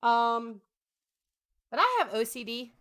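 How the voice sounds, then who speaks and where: A woman's voice: on the high side, expressive, slow, fairly bright tone. Rambling woman chatting through her makeup. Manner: rambling, self-deprecating, talks to husband between steps. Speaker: makeup vlogger. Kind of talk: casual chatty makeup tutorial.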